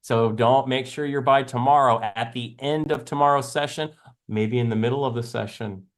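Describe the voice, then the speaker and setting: A man's voice: mid-range voice, fairly even intonation, moderate pace. A man hosting a live trading stream, chatting casually in a rambling, jokey way and laughing often. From American South. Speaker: live trading show host.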